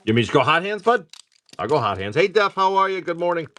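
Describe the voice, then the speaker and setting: A man's voice: fairly high pitch, very animated, fast, sharp tone. A tired middle-aged man hosting a live card-opening stream, casually chatting, teasing viewers and swearing freely. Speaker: card-breaking stream host.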